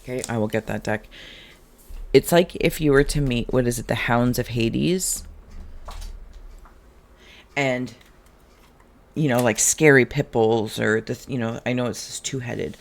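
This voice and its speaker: Gravelly, musing tarot reader. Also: mid-range voice, a little slow, long pauses. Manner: musing, chatty, drifts into humming and asides. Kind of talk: relaxed channeled reading to camera.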